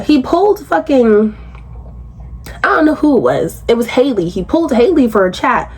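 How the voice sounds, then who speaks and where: Husky, blunt woman ranting in a recap. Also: normal speed. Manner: blunt, profane, animated, jumps into high outraged pitch when incredulous. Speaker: reality show recapper. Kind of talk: casual recap commentary.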